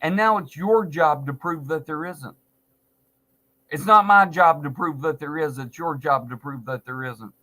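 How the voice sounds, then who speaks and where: A man's voice: a little high, measured pace, sharp tone. A man in his forties giving an angry, sarcastic monologue to camera, swearing heavily. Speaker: vlogger. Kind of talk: profane ranting monologue.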